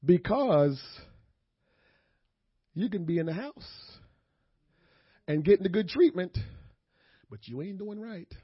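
A man, preaching with lively swings from hushed asides to full shouts. He calls out to the congregation as he goes. The sound is dull and lo-fi, very dry and close. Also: high voice, takes it slowly, long pauses, breathy edge, no room sound. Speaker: pastor. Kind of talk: sermon. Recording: dull, lo-fi sermon audio.

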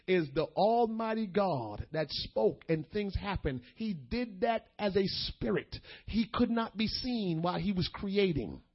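A man preaching a sermon, shifting between quick asides, slow emphatic phrases and bursts of shouting. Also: high-pitched, breathy edge, lo-fi sound. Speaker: pastor.

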